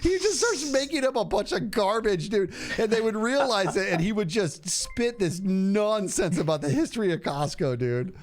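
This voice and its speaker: A man in his forties telling stories in a relaxed casual chat, using "dude" and "bro" a lot. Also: high-pitched, moderate pace, few pauses. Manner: animated storyteller, says "dude" a lot. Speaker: streamer.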